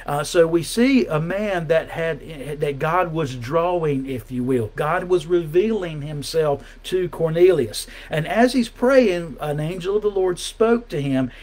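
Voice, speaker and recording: A man's voice: a little high, animated, measured pace, hardly any pauses, darkish tone. A man preaching a sermon as pastor in a conversational way, with frequent restarts and rising emphasis on key points. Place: church.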